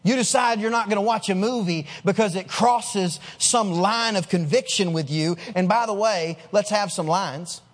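A man's voice: high-pitched, moderate pace, few pauses. A man preaching a sermon as pastor, in a conversational way, putting questions to the congregation and restarting his words.

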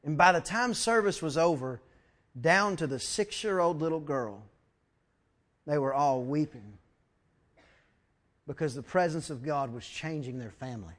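A man's voice: on the high side, a little slow, long pauses. A man preaching a sermon, telling stories and acting out quotes with lots of repeated words. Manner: animated, acts out quotes, repeats words when excited. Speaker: pastor. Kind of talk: sermon with storytelling.

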